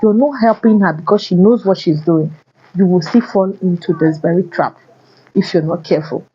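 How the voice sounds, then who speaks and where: A woman's voice: fairly low pitch, normal speed, lo-fi sound, slight background noise. A woman vlogger giving blunt, repetitive relationship warnings addressed to men. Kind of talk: casual advice monologue.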